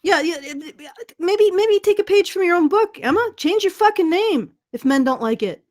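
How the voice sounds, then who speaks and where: A woman's voice: very high voice, lively intonation, moderate pace, darkish tone. A woman hosting a podcast in casual commentary, sarcastic and profane, often restarting her words. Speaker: podcast host.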